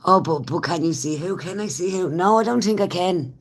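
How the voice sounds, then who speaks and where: A woman's voice: fairly low pitch, expressive, fairly quick, noisy background. An Irish woman and smoker chatting casually with viewers on a live stream, laughing often as she talks. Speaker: livestreamer.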